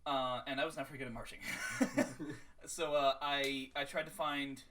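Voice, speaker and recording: A man's voice: mid-range voice, fairly even intonation, normal speed, bright, forceful tone, a little hiss or hum. A teenage boy, a podcast co-host, telling a story in casual chat and laughing often. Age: teens. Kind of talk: casual chat among friends.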